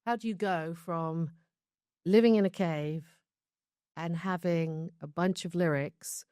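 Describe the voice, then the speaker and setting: British woman, low voice, dry close sound, reflective storytelling, interview guest. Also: fairly even intonation, slow pace, warm tone, smooth, no echo. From London, England. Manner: reflective, chatty, laughs between stories. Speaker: show creator being interviewed.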